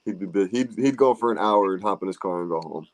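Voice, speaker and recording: Fast-talking man hosting a golf podcast. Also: sits low. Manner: loose, swearing, laughing banter. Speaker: podcast host. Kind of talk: casual chat.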